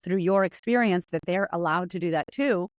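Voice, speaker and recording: Woman guest, fast and lively talker who voices her own thoughts aloud; dry, close sound. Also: on the low side, dry recording. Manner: fast, impatient, acts out her inner voice. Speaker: podcast guest. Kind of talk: animated conversational storytelling.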